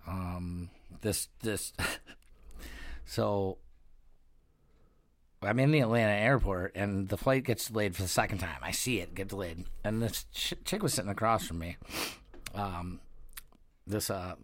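A man's voice: fairly low pitch, no echo. A man casually telling a long anecdote in a rambling, profane way, with lots of fillers. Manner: rambling, profane, acts out quoted voices. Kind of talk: casual storytelling chat.

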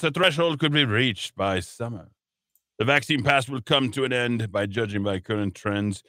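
Talk radio host, male: punchy bright tone, dry studio mic, rambling headline rundown. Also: on the low side, no echo. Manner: rambling, reads headlines then riffs with filler words. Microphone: studio microphone.

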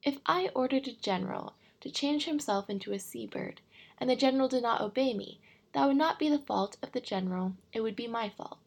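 A woman reading an audiobook, voicing a proud, pompous old king who gives grand formal orders, with a gravelly, husky voice. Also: a little high, brisk, voice pushed up. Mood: lecturing.

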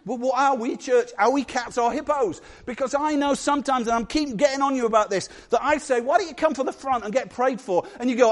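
High-voiced animated preacher. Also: male voice, a little fast, hardly any pauses. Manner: animated, jokey asides, acts out voices. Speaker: pastor. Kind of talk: sermon.

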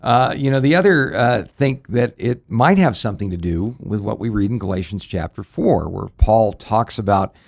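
A man co-hosting a Bible question show, explaining scripture in a relaxed, rambling way full of fillers. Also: fairly low pitch, normal speed, creaky, few pauses, breathy edge, dry recording, clean studio sound. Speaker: co-host answering Bible questions. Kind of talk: casual radio Bible Q&A.

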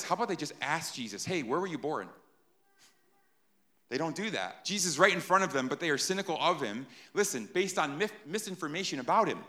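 A man's voice: a little high, sharp tone. A man preaching a sermon in a conversational way, often checking in with the listeners by asking "right?". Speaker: pastor.

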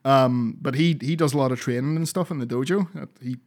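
A man's voice: mid-range voice, brisk, a little mellow. A man co-hosting a podcast, chatting casually about wrestling, rambling, swearing often and laughing a lot. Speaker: podcast co-host.

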